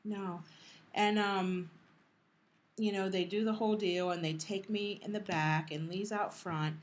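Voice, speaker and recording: A woman's voice: mid-range voice, fairly even intonation. Middle-aged woman telling an emotional story. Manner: emotional, halting with restarts, quoting others. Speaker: podcast co-host. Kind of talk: casual storytelling.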